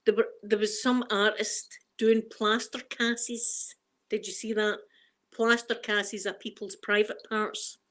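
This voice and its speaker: A woman's voice: medium pitch, a bit bright. Chatty Scottish woman streaming live. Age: middle-aged. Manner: chatty, laughs often, reads chat aloud. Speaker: ASMR streamer. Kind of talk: casual live-stream chat.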